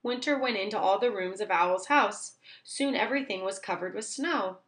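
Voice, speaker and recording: A woman teacher reading a children's book aloud, slowly and clearly for young children. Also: medium pitch, a bit bright.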